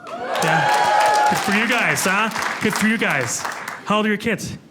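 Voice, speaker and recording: A man's voice: sits high, animated, measured pace, background noise. A man doing a stand-up comedy set, chatting with the crowd and joking about himself. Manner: self-deprecating, chatty with the crowd. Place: comedy club stage with a live audience. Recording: live room with audible crowd ambience.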